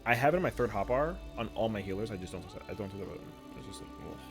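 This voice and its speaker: A man's voice: fairly low pitch, lively intonation, racing, over music. Heated, slangy male game streamer. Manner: slangy, profane and heated, peppered with "yo". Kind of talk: casual chat while gaming.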